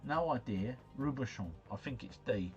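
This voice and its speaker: A man's voice: mid-range voice, animated, normal speed, darkish tone, lo-fi sound. A man hosting a casual livestream, talking himself through answers in a chatty, slangy ramble. Faint music runs behind him. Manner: chatty, musing aloud, slangy. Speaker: livestream host.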